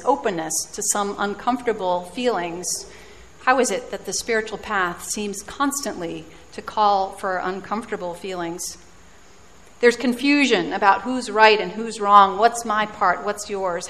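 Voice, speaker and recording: A woman's voice: mid-range voice, fairly bright tone. Female preacher, reflective storytelling sermon with dry self-mocking humor, long hall reverb.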